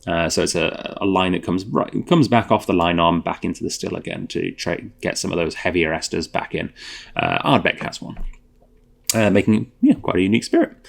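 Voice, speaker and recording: A man with a fairly low voice hosts a relaxed whisky tasting. He talks casually and thinks out loud, with plenty of fillers and self-corrections. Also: fairly quick, creaky. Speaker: host.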